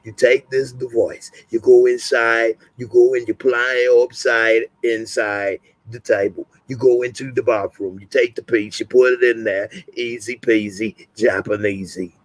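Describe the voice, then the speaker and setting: A man voicing a menacing, foul-mouthed British male vigilante in a low, bullying, clipped delivery. He speaks slowly and the sound is dry and close. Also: little pitch movement, no room sound, lightly acted, rough recording. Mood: scheming.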